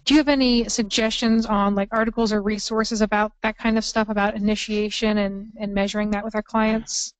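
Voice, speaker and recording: A woman's voice: mid-range voice, little pitch movement, a little fast, hardly any pauses, clear, resonant tone, no echo, low-quality recording. A woman in the audience of a lecture, asking the presenter plain questions and passing on a comment.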